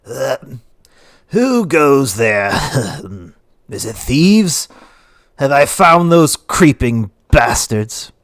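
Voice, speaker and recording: A man's voice: medium pitch, animated, takes it slowly, no echo. A man plays a tipsy dragonborn official, jittery and bragging, stammers through lines, dry close sound. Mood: drunken bluster. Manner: slurred, stammering, boastful. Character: drunk jittery male dragonborn town speaker.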